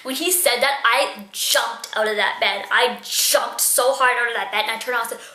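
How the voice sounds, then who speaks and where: A young woman is chatting through a story for her vlog, filling it with "like" and "um". Her voice is bright and sits a little high. The sound bounces around an echoey room. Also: normal speed. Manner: chatty, lots of fillers. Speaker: vlogger. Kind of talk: casual storytelling.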